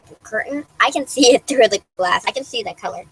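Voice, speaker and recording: A woman's voice: a little high, animated, fast talker, gravelly, breathy edge, dry recording, poor audio. Giggly young woman telling a story. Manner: rambling, giggly, lots of "like" and restarts. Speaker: vlogger. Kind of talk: casual storytelling to camera.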